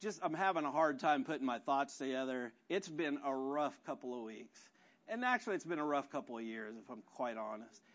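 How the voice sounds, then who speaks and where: A man's voice: medium pitch, lively intonation, fairly quick, fairly bright tone, highs cut off. A man preaching a conversational, self-deprecating sermon full of rhetorical questions. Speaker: pastor.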